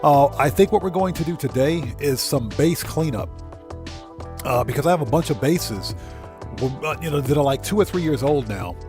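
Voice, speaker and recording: A man's voice: fairly high pitch, animated, normal speed, over music. A man hosting a casual gaming livestream, talking loosely and greeting chat viewers by name, at times choked up. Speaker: livestream host.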